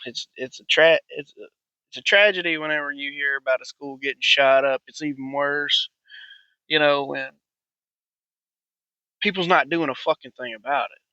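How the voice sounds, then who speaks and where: A man's voice: fairly high pitch, moderate pace, long pauses, bright, forceful tone, clean tone, dry recording, lo-fi sound. A man, hosting a profane, blunt, rambling monologue. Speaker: podcast host. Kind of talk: ranting monologue.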